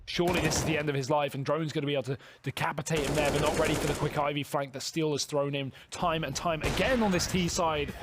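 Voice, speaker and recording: A man casting a competitive video game match, trading jokes with his co-caster and building excitement on big plays. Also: on the high side, fast talker, few pauses, very noisy. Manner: jokey banter, rising excitement on big plays. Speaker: esports caster. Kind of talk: play-by-play commentary.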